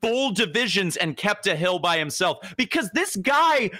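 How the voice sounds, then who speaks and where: Excitable high-voiced young man telling history. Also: normal speed, no echo. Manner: excitable, laughing, acts out quotes. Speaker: podcast co-host, history segment. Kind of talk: casual podcast storytelling.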